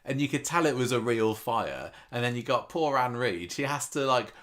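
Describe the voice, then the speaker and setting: A man's voice: mid-range voice, lively intonation, moderate pace, fairly bright tone. A man co-hosting a casual chat show, talking with enthusiasm and frequent restarts. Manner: chatty, enthusiastic, many restarts. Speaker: podcast co-host. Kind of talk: casual chat about a TV soap.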